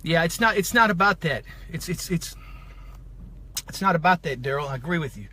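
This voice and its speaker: A man's voice: on the high side, animated, a little fast, bright, forceful tone, slightly rough. A man vlogger delivering an emotional, fired-up rant to camera, heated and repetitive.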